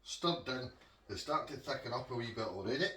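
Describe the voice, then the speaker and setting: A man's voice: mid-range voice, expressive, brisk, sharp tone, roomy sound, far from the mic, a little hiss or hum. A Scottish man chatting homely to viewers while he cooks in his kitchen. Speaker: home cook vlogger. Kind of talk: casual cooking demonstration. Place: home kitchen.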